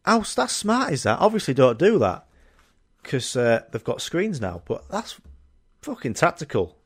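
A man's voice: medium pitch, big pitch swings, moderate pace, slightly rough. A young man hosting a podcast, rambling through a sweary, jokey comic monologue. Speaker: podcast host. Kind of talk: casual comedic monologue.

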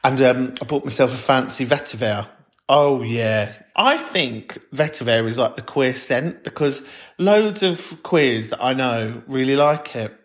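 A man's voice: mid-range voice, lively intonation, measured pace. Camp, sardonic man. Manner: camp, sardonic, theatrical outbursts. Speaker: podcast host. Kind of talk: comedic solo podcast with listener calls.

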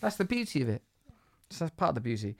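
A man's voice: a little high, very animated, quick pace, gravelly. A man hosting a podcast in casual chat, playful and teasing as he riffs on odd ideas. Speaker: podcast host.

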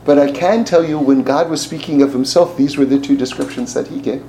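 This sermon comes from a man with a medium-pitched voice who talks a little fast, telling animated stories, voicing the people in them and laughing often. A little hiss or hum runs through the low-quality recording.

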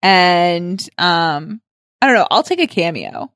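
A young woman co-hosting a podcast in casual chat, enthusiastic and quick with asides, laughing often. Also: on the low side, sing-song, fairly bright tone, no echo, clean studio sound. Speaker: podcast co-host.

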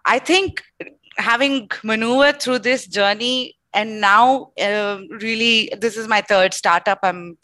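A woman's voice: fairly high pitch, takes it slowly, bright, forceful tone, no echo. A middle-aged woman answering as a podcast guest, thoughtfully listing points with frequent fillers. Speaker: podcast guest, company founder. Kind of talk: conversational interview answers.

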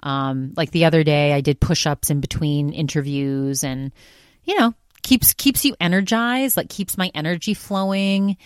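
Woman podcast host, rambling and venting, lowish voice, dry close sound. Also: moderate pace, clean tone, dry recording. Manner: rambling, filler-heavy and exasperated. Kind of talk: casual solo podcast monologue.

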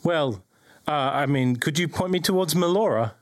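A man's voice: on the high side, lively intonation, moderate pace, dry recording, studio quality. A man playing a naive young newcomer, speaking hesitantly and politely with stammers. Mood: earnest. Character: young male newcomer cleric, timid and naive.

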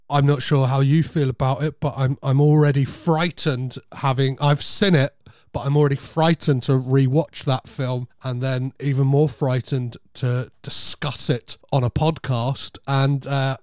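A man's voice: medium pitch, darkish tone, no room sound. Enthusiastic man co-hosting a podcast, dry sound. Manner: enthusiastic, rambling with restarts. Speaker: podcast co-host. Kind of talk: casual film podcast chat.

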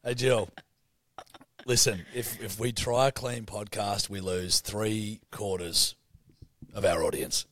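A young Australian man co-hosting a podcast, loud and sweary, laughing often as he banters. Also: fairly low pitch, fairly even intonation, unhurried, no echo. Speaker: podcast co-host. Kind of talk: casual banter.

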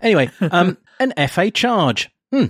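Animated man hosting a podcast. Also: high-pitched, measured pace, dry recording, clean studio sound. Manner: animated, laughing, rambling asides. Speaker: podcast host. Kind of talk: casual football podcast chat.

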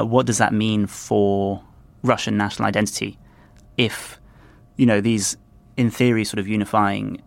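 Male podcast commentator, low gravelly voice, flat delivery, dry close sound. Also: dry recording. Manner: thoughtful, halting, repeats words. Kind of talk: analytical podcast discussion.

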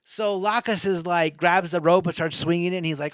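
A man's voice: high voice, fairly quick, fairly bright tone, dry recording, clean studio sound. A man casually retelling a movie plot, swearing often and acting out the characters' lines. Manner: profane, rambling, acts out characters' lines. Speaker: podcast co-host. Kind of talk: casual chat recapping a movie.

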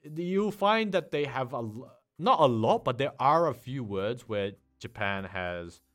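Chatty young man, lively pitch. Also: unhurried. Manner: loose and chatty, full of "like" fillers, explaining Japanese words. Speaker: podcast co-host. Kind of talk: casual chat.

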